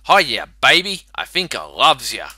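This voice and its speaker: A man's voice: medium pitch, wildly swooping pitch, measured pace, sharp tone, breathy edge, dry recording, full character voice. A man voicing a sleazy middle-aged male pickup artist who trades in corny come-on lines. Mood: smarmy.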